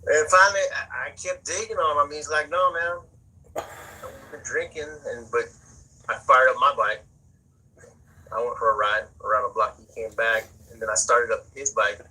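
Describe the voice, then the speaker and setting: A man with a husky, raspy voice that still cuts through bright and sharp. He talks loosely and profanely in a casual interview, circling back and repeating words as he goes. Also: medium pitch, normal speed, low-quality recording. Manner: profane, rambling, repeats words while searching. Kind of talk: casual spoken storytelling.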